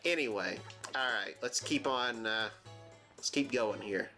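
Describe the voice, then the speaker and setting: Brief: casual let's-play host, jokey and self-mocking, soft game music behind. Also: male voice, medium pitch, measured pace. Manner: joking, self-deprecating. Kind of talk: casual gameplay commentary.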